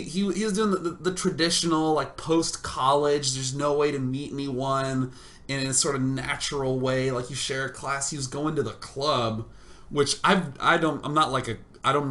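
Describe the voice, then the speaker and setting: Bright-voiced young man telling funny stories. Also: medium pitch. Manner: animated, self-mocking, bursts into loud exclamations. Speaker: show host. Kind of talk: comedic storytelling.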